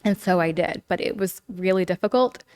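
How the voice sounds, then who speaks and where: A woman's voice: on the low side, a little fast, darkish tone, clean tone. A woman as a podcast guest, earnestly telling a personal story in casual speech packed with "like" and "you know.". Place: living in Los Angeles.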